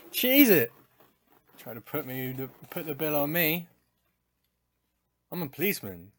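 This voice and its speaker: A man's voice: fairly high pitch, animated, normal speed, long pauses, fairly bright tone. Jokey man streaming a game. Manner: jokey, improvising silly asides. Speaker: let's play streamer. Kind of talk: playful let's play commentary, reading dialogue. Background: game music.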